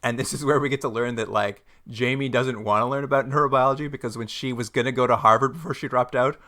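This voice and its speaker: A man co-hosting a podcast, recapping a TV episode in casual chat, animated and quick to laugh. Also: mid-range voice. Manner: animated, laughs often, jumps into mock quotes. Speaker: podcast co-host.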